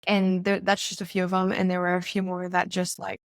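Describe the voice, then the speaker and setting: This young woman in her twenties is a podcast guest sharing a personal story casually, chatting along with plenty of "like" and acted-out quotes. She speaks a little fast in a monotone, her voice on the low side, with no echo.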